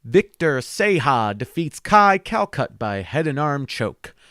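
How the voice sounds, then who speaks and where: A man's voice: fairly high pitch, big pitch swings, slow pace, fairly bright tone, no room sound. Man, podcast co-host, casual banter, joking, reads results like an announcer, dry close sound.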